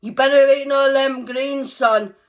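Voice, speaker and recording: A woman voicing a stern, suspicious father who scolds his son loudly. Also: high voice, fairly even intonation, normal speed, voice pushed up, lightly acted. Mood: scolding. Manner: loud, scolding.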